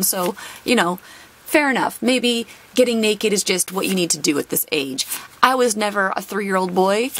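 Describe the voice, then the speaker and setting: A woman's voice: mid-range voice, a bit bright, a little hiss or hum. A young adult woman, a teacher hosting her own channel, tells an exasperated work story with laughs while opening a card box.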